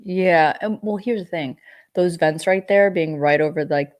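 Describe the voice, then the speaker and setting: A woman hosting a casual podcast chat, telling lively stories and swearing freely. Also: fairly low pitch, normal speed. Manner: animated storyteller, swearing freely. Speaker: podcast host.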